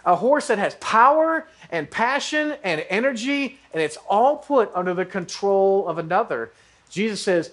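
Pastor, male, high-pitched voice, lively sermon delivery. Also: normal speed. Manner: animated preaching, acting out listeners' reactions.

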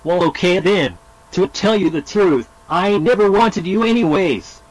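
A synthetic man's voice playing a spiteful boyfriend in a cartoon, loud and flat. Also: high-pitched, a little slow, low-quality recording.

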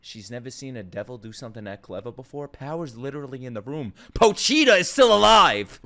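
A man hosting an anime reaction video in casual commentary, excitable and talking straight to his viewers, swearing freely and laughing often. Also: medium pitch, a little fast.

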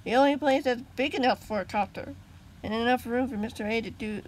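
A woman's voice: fairly high pitch, fairly quick, slight background noise, lightly acted, poor audio. A woman voicing a determined young boy hero in a storybook reading, speaking urgently and firmly. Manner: urgent, commanding.

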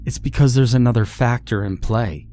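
A man's voice: fairly low pitch, normal speed, dark tone, close to an everyday voice. A man reading the part of a frightened, tearful young woman who fled her home at night. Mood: pleading. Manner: pleading, tearful. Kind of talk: scripted horror story reading.

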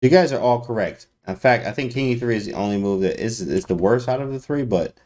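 A man streaming chess analysis to his chat in a casual, slangy way with sudden loud exclamations. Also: medium pitch, quick pace. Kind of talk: casual livestream commentary.

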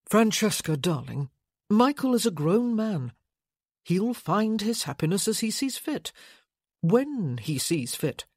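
A mild, unhurried husband who speaks gently, as a woman reader plays him. The voice is husky with a lively pitch range. It sounds close and dry, like a storybook recording. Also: dry recording, heavily acted. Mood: calm gentle. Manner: gentle, soothing.

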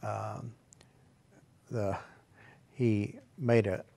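A man preaching a sermon, swinging between quiet, hushed asides and loud, emphatic exclamations. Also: on the low side, level tone, very slow, creaky.

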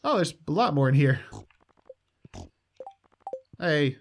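A man's voice: on the high side, big pitch swings, takes it slowly. A man casually commenting on his gameplay, upbeat and chatty with dry sarcastic asides. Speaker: let's play host.

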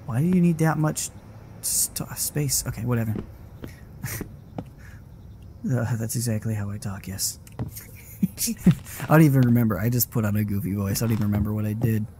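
A man's voice: fairly low pitch, noisy background. A man streaming a horror game live, rambling and swearing casually as he plays. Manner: rambling, self-interrupting and swearing; frequent laughing asides. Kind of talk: casual live gaming commentary.

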